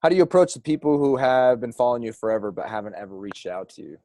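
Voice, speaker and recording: A man's voice: medium pitch, animated, quick pace, a little mellow, dry recording. Upbeat male host, dry sound. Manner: upbeat, affirming asker of questions. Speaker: interview host.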